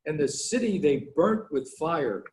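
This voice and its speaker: A man reading verses of scripture aloud for a class, measured and deliberate. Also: on the high side, animated, a little mellow, rough recording.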